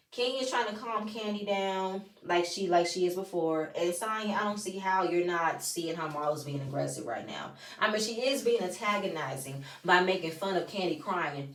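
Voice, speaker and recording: A woman's voice: medium pitch, moderate pace. A woman giving a casual recap of a reality TV episode, blunt and profane with sassy asides. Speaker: reality TV reviewer. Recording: roomy, voice from a distance.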